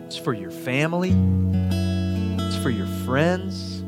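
A man preaching a sermon as a pastor, earnest, swelling to emphatic and then dropping soft. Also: a little high, big pitch swings, slow pace, over loud music.

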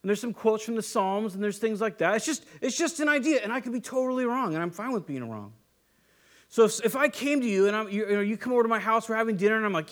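A man's voice: sits high, animated, fairly quick. A man in his thirties preaching a sermon in a loose, conversational way, telling stories on himself and acting out the voices he quotes. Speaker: pastor.

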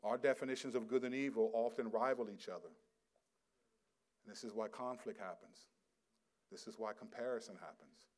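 A middle-aged male pastor giving a sermon, swinging from quiet, low asides to loud, emphatic scripture reading. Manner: reads scripture aloud with rising intensity.

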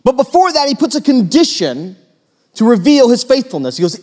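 A man preaching a sermon as pastor, animated, acting out quoted voices and putting questions to the congregation. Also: very high-pitched, a little fast. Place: church hall with long reverb. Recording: long hall reverb.

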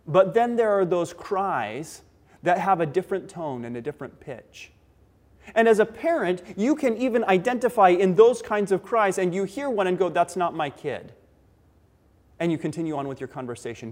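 Guy with a high-ish voice giving a sermon, earnest, pushes pace and volume up and down. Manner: earnest, varies pace and loudness for emphasis. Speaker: pastor.

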